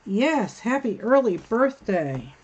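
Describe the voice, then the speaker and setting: A woman's voice: a little high, very animated, slow pace, slight background noise. A woman hosting a crafting livestream, chatting casually and thinking aloud while she works, reading comments and laughing at them. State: hiccups.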